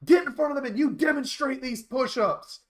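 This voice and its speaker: A man putting on an angry male lieutenant who shouts and scolds his troops. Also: very high-pitched, normal speed, voice pushed up. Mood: barking.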